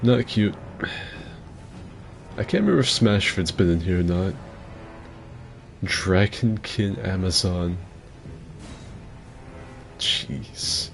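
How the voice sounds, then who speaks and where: Gravelly low-voiced man joking through gaming commentary. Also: animated, slow pace, pauses often, faint music behind. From mixed heritage, partly Asian. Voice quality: gravelly, rough voice. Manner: crude, joking, reads chat aloud. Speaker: streamer hosting a game fight club.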